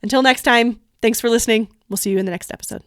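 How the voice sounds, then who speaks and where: A woman's voice: on the high side, rapid-fire. A woman hosting a business podcast in a casual, encouraging way, speaking straight to her listeners. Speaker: podcast host and wedding venue owner. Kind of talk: casual solo podcast talk.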